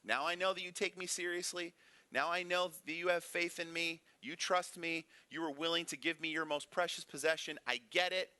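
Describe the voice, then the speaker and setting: A man's voice: a little high, fairly even intonation, bright, forceful tone, smooth, pitched above the performer's own voice. A man voicing an angel who urgently halts a sacrifice, then reassures in casual modern speech. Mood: reassuring. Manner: rapid repeated interjections, casual modern speech.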